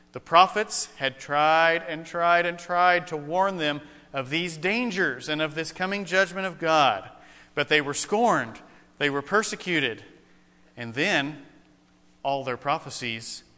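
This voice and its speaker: A man preaching a sermon, emphatic and slowing down to stress key points. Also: a little high, bright, forceful tone. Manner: emphatic, slows down for weight. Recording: long hall reverb.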